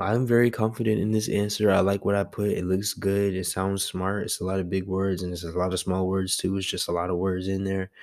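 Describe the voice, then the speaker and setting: A man's voice: low-pitched, darkish tone. A young man, a student, talking through a class assignment in a casual, rambling way, correcting himself and using slang.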